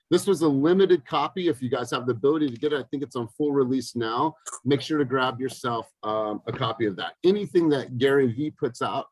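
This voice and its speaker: A man's voice: medium pitch, no echo, rough recording. Upbeat male coach on a dry call. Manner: energetic storytelling with lively acted-out quotes. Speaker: business coach. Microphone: video call.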